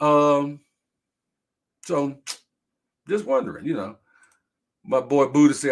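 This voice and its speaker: A man's voice: a little high, takes it slowly, pauses often. A middle-aged man hosting a casual live-stream talk show, telling stories and reading viewer comments aloud. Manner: animated storytelling, reads viewer comments aloud, laughs hard.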